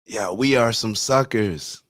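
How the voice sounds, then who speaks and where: A man's voice: slow pace, dry recording, clean studio sound. Blunt slangy male podcast host. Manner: blunt, slangy, animated, breaks into falsetto singing jokes. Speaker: morning show host. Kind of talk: casual motivational podcast talk.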